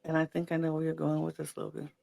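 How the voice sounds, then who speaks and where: A man co-hosting a podcast, gushing about reality TV in an excitable, animated way. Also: on the high side, fast talker, creaky, no echo. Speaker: podcast co-host. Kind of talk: casual reality TV recap chat.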